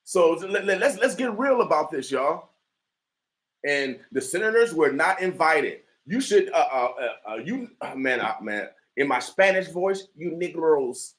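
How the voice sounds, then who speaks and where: A man's voice: on the high side, sing-song, measured pace, fairly bright tone, poor audio. Fired-up male radio host with filler stammers. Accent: Omaha, Nebraska. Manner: emphatic, stammering with many fillers. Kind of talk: fired-up talk radio commentary.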